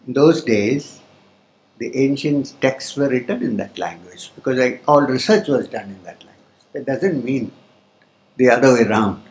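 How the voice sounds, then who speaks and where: A man, a spiritual teacher, giving a spiritual discourse to a live audience in a hall. He explains slowly, pauses often, and chants Sanskrit terms. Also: medium pitch, darkish tone.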